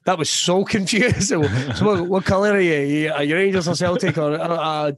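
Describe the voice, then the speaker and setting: A Scottish man with a fairly high voice talks in a loose, jokey, self-mocking way, swearing as he spins stories. The sound is dry and close, with no room around it. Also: fairly even intonation, brisk, dry recording. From Scotland (Ayrshire). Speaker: stand-up comedian, guest. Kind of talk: casual podcast chat.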